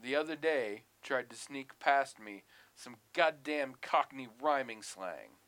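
A man co-hosting a podcast in casual chat, talking in an animated, profane way with bursts of mock outrage. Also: medium pitch, slow pace. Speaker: podcast co-host.

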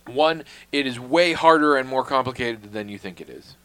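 A man's voice: medium pitch, lively intonation, moderate pace, fairly bright tone, clear, resonant tone. A man in casual conversation, telling a long story in a wry, self-deprecating way, swearing freely and dropping to a mutter on asides.

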